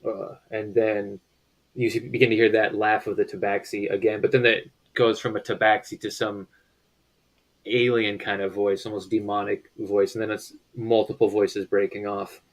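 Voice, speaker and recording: A man's voice: lowish voice, little pitch movement, normal speed, poor audio. A man narrating as game master, describing scenes in a loose, rambling way with many fillers.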